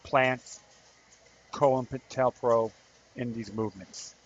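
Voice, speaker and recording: A man's voice: medium pitch, steady tone, slow pace. A man hosting a podcast as an activist, telling a story in a rambling, earnest casual monologue. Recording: slightly dull recording with faint background noise.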